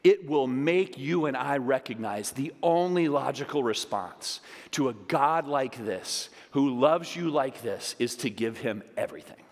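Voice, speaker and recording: A man's voice: mid-range voice, expressive, a little slow, hardly any pauses. Man preaching in a reverberant church hall. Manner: emphatic preaching, swinging from loud pleas to hushed asides. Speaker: pastor. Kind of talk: sermon. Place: church sanctuary. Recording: long reverb of a large hall.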